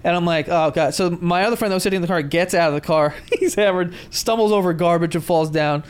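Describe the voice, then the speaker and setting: A man's voice: sits high, fast, clear, resonant tone. A man, co-hosting a podcast and telling a story in casual, swearing chat, acting out the voices of the people in it. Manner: animated, swearing, acts out voices in his stories. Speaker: podcast co-host.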